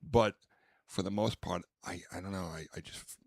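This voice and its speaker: A man hosting a podcast in casual chat, rambling with restarts and bursts of mimicked squeaks. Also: normal speed, gravelly, a little mellow, dry recording, studio quality. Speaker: podcast host.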